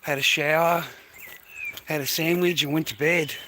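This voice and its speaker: A weary, middle-aged Australian man talks straight into his phone while he walks outdoors, rambling and cursing as he calls his viewers mate and boys. His voice sits a little high and comes across forceful and bright. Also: fairly even intonation, normal speed, slight background noise. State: tired. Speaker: vlogger. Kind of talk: casual rambling monologue to viewers. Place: outdoors, walking to a bus stop early in the morning.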